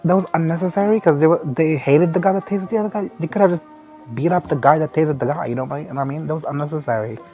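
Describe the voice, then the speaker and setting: A man's voice: on the high side, rapid-fire, a little mellow, dull audio, soft background music. A man giving a casual, foul-mouthed movie recap, sarcastic and often laughing. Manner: crude, sarcastic, laughs often, mimics characters.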